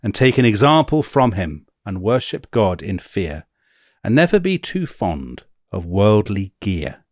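A man co-hosting a history conversation, reading verse aloud with amusement and often trailing off quietly. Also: fairly low pitch, very animated, a little slow, no room sound, clean studio sound. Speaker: podcast co-host.

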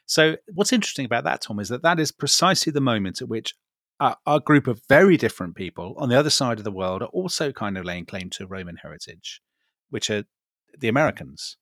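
A man's voice: mid-range voice, animated, fast, a bit bright, no room sound. Dry-sounding male podcast co-host. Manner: teasing, asks probing follow-up questions. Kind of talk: casual conversational chat.

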